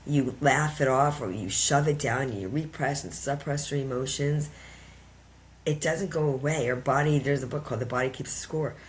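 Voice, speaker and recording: A woman's voice: a bass voice, moderate pace, slight background noise. A woman guest on a podcast, telling a personal story earnestly with emphatic, repeated phrases. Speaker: podcast guest, empowerment coach.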